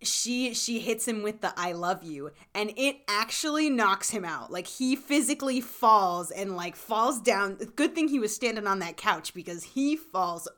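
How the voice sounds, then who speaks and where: A young woman co-hosts a casual chat about a show she is watching, recapping in a chatty, filler-heavy way. She laughs easily and often, at a middle pitch. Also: animated, measured pace, hardly any pauses, fairly bright tone. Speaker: podcast co-host.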